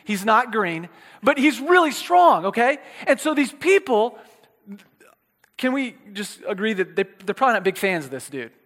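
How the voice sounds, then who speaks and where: A man's voice: high-pitched, sing-song, moderate pace, a bit bright. A man preaching a casual, chatty sermon, often checking in with the listeners and restarting his words, with playful asides. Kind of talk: conversational sermon. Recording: long reverb of a hall.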